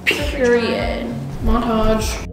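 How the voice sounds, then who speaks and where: A bubbly young woman talks straight to the camera in a loose, playful vlog style. Her voice carries a gravelly edge of fry, and music plays underneath the whole time. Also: on the high side, steady tone, very slow. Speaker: vlogger. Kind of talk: casual vlog chat. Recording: background music.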